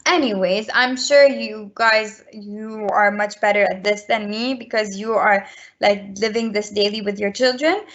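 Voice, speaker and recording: A woman's voice: mid-range voice, steady tone, a little slow, fairly bright tone. A woman presenting slides to parents in a school webinar, earnest and explanatory, with frequent restarts. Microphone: video call. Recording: muffled video call audio.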